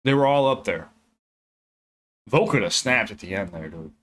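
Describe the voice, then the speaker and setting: A man's voice: lowish voice, expressive, normal speed, noisy background. A young man hosting a reaction video, chatting loosely and cursing as he rambles about what he just watched. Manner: loose, profane, rambling chat with laughs. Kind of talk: casual reaction commentary.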